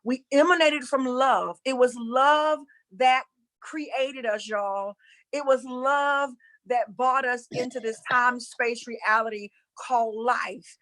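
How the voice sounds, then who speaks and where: A woman's voice: a little high, slow, a bit bright, poor audio. A woman, a spiritual coach and former preacher, speaking in an emphatic, preaching style and repeating her points while addressing listeners as y'all. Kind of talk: impassioned preaching-style talk.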